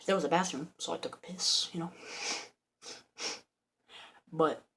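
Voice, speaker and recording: A woman's voice: fairly low pitch, fairly even intonation, measured pace, a bit bright, a little hiss or hum. A woman vlogger telling a rambling, joking made-up story with lots of slang, giggling and mumbled asides.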